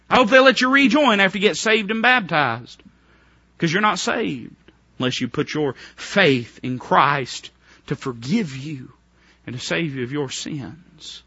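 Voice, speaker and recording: A man preaching a fervent revival sermon, dropping to a hush and then rising to near shouts, with many rhetorical questions. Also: fairly high pitch, a little slow, slightly rough, no echo, highs cut off.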